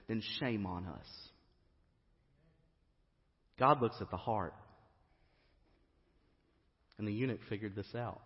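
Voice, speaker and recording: A man preaching a sermon in a church, telling a story with strong emphasis. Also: medium pitch. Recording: reverberant hall, dull lo-fi.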